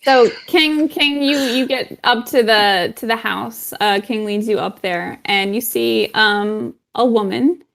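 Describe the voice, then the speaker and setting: A woman narrating a tabletop game as game master, relaxed with fillers. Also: on the high side, takes it slowly, gravelly, few pauses.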